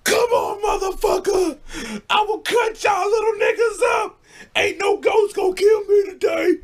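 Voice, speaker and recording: A man voicing a panicked young man who screams threats in a high, cracking voice while waving a knife. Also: measured pace, raised voice. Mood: frantic. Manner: screaming, hysterical.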